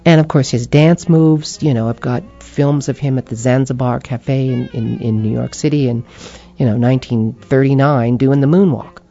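Brief: expressive woman interviewee, dark mellow tone, slightly dull audio. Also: extremely low pitch. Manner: expressive, animated, acts out inner voices. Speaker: interview guest. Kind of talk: reflective conversational storytelling.

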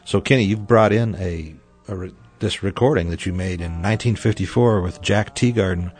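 A man's voice: deep voice, normal speed, darkish tone, slightly rough. A man interviewing a guest, asking curious, prompting questions.

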